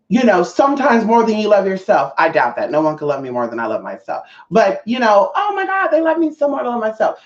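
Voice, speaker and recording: A young woman vlogger telling a profane, animated storytime monologue straight to her viewers. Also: fairly low pitch. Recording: roomy, slightly dull audio.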